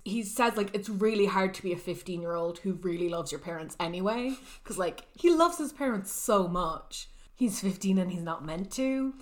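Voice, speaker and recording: A woman's voice: mid-range voice, animated, normal speed. A woman casually summarizing a book's plot for a friend, quoting the characters' lines in a chatty way with lots of "like". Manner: chatty retelling with quoted character lines and frequent "like". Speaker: podcast co-host summarizing a book. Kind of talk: casual book discussion.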